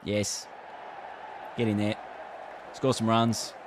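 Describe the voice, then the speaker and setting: A man's voice: lowish voice, little pitch movement, slow pace, background noise. An Australian man chatting casually on a live stream, reacting to a game and reading chat aloud. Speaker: gaming streamer.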